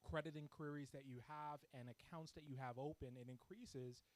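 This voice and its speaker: A man's voice: fairly high pitch, steady tone, moderate pace, low-quality recording. A man speaking to a congregation about finances in a conversational way, often checking in with the audience. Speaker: church seminar speaker. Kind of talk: practical finance talk to a congregation.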